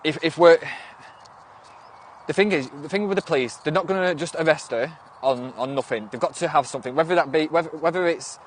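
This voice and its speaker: A young man from Northwest England, Northern accent, rambles loosely on a phone livestream, reading and responding to viewer comments. He restarts often, swears now and then, and snaps back at commenters. His voice is a little high, with slight background noise.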